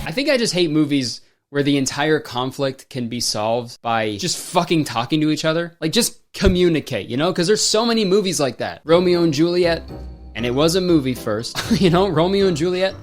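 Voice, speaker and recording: A man's voice: fairly high pitch, expressive, brisk, faint music behind. A young man in his twenties doing sarcastic, profane comedic commentary on a movie.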